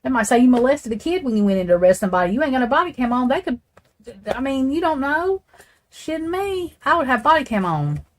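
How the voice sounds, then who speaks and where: A woman's voice: sits high, sing-song, fast. Rambling, profane woman. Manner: rambling, blunt and profane, talks straight to chat. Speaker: true crime channel host. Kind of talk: casual true crime commentary.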